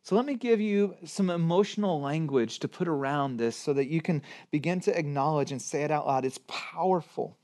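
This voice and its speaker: A man with a high-pitched voice delivers a sermon as a pastor. He talks in an animated way, leaning on rhetorical questions and punching key words with strong emphasis. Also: moderate pace, few pauses.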